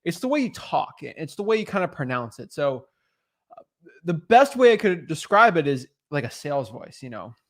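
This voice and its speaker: A young man co-hosting a casual real estate coaching chat, animated and quick to act out sales pitches. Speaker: co-host, real estate wholesaler.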